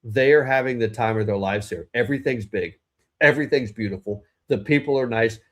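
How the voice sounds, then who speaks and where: A man's voice: medium pitch, brisk. A man co-hosting a political talk podcast, rambling and opinionated, often restarting his sentences mid-thought. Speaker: podcast co-host. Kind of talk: casual political podcast chat.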